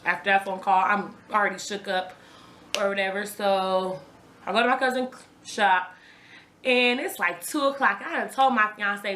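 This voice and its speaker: In raw storytelling to camera, a young woman casually relates her own story to viewers, repeating herself frequently. She talks at normal speed with a steady, sharp, medium-pitched voice, and the roomy audio carries a little hiss or hum.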